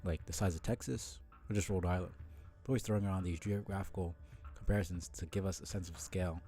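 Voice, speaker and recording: A man voicing a cocky teenage boy who rambles in a sardonic, laid-back way, in a low, mellow voice. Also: fairly even intonation, fast, soft background music.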